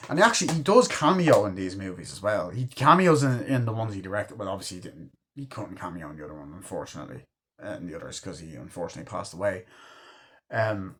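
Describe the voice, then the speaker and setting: A man's voice: lowish voice, a bit bright. A man in his twenties reviewing a movie in a casual, rambling way, full of filler words and casual cursing. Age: 20s.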